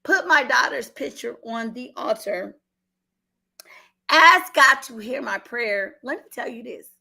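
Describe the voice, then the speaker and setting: Slightly high and animated, with vocal fry and a pushed, bright quality, a middle-aged woman speaks at a measured pace in an Oakland accent. She's from Oakland, California, and on a call-in show she earnestly recounts a personal story, repeating herself as she fights tears.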